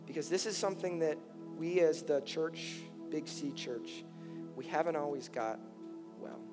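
High-voiced male pastor preaching in a hall. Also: a little slow. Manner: impassioned, rising to near-shouted pleas in emotional passages. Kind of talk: sermon. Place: large church hall. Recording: reverberant church hall with soft music.

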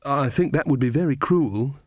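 A man's voice: mid-range voice, moderate pace, dry recording, clean studio sound, voice pushed up, lightly acted. Magrat, a man doing a meek young witch. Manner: meek, anxious. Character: shy, earnest young woman witch.

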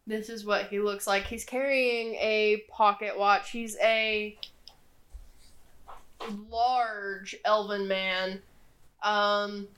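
A young woman narrating a tabletop game as game master, in a relaxed way with many fillers. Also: medium pitch.

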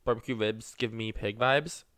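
A man's voice: lowish voice, moderate pace, dry recording, clean studio sound. A young man co-hosting a podcast, talking casually and animatedly with lots of fillers. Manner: animated, rambling with many fillers. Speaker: podcast co-host. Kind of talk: casual chat.

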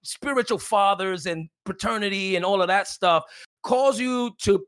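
A man's voice: high voice, moderate pace, a bit bright, clear, resonant tone. A male minister guesting on a podcast, encouraging listeners in a preacherly way. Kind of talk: exhortation in podcast discussion.

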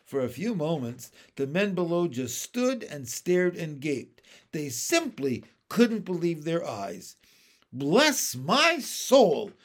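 Guy reading a kids book aloud, slow and expressive, kinda high voice. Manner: measured, expressive. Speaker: reader. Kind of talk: storybook read-aloud.

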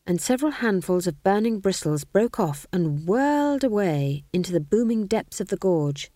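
A woman narrating an audiobook in an expressive, measured reading. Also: on the low side, no echo, studio quality. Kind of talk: scripted narration.

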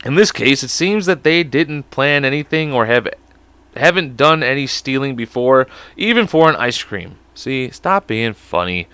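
An American man hosts a comedy podcast in a rambling monologue, swearing a lot, putting on silly voices, and drifting off topic while stumbling over words as he reads aloud. His medium-pitched voice is expressive and unhurried, with a sharp, clear, resonant tone and no echo.

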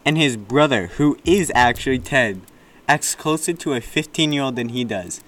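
A young man co-hosting a casual chat, teasing his friend in a deadpan way. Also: mid-range voice, moderate pace. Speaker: co-host.

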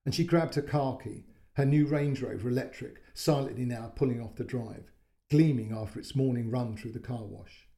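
A man narrating a short story in a calm, measured way, giving voice to the quoted lines. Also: mid-range voice, creaky. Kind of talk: audiobook-style story narration.

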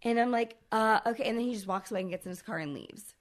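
A woman in her thirties, a podcast co-host, telling a long personal story in casual, profane, animated chat. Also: a little high, fast talker.

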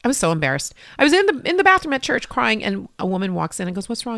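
Emotional storytelling woman, gravelly edge. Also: fairly high pitch, sing-song, rapid-fire, few pauses, fairly bright tone, dry recording, studio quality. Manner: emotional storytelling, acting out dialogue. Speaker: interview guest. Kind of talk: personal faith story in conversation.

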